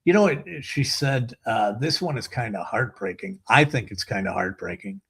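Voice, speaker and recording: Middle-aged male host, blunt and profane, casual ranting monologue, average pitch. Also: lively intonation, moderate pace, gravelly, a bit bright, slightly rough. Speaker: show host.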